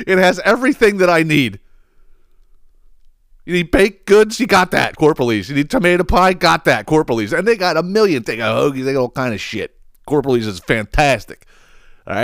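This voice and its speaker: A man's voice: on the high side, fairly bright tone, no room sound, studio quality. A man hosting a podcast, telling a rambling, profane story in a casual monologue and laughing as he goes. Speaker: podcast host.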